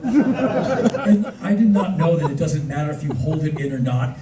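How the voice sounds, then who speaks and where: A man telling funny stories live on stage, lively and loud at times, acting out other people's voices. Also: a little high, normal speed, a loud crowd. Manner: animated, acts out voices, loud bursts. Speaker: spoken word performer. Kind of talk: live spoken word storytelling. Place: theater stage before an audience. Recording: roomy, distant audience recording with noise. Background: audience laughter.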